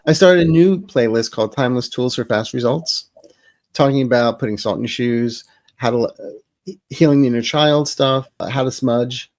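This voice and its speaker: A man being interviewed as a psychic advisor, telling stories with quick jokes and asides. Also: medium pitch, darkish tone, no room sound. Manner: joking, storytelling, quick asides. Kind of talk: casual interview chat.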